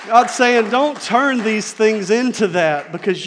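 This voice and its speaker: High-voiced preacher in an echoing hall. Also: male voice, expressive, slow pace, few pauses. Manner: preaching, swings from soft asides to shouted climaxes. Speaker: pastor. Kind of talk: sermon.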